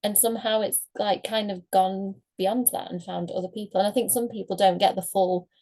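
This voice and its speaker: A woman's voice: mid-range voice, fairly even intonation, brisk, mellow. Chatty rambling woman author. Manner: chatty, rambling, laughs often. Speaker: author guest. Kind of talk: casual interview chat.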